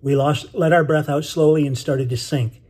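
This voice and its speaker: Male author-narrator, husky and dark, measured audiobook storytelling. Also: a little high, steady tone. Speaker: author reading his novel. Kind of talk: scripted narration.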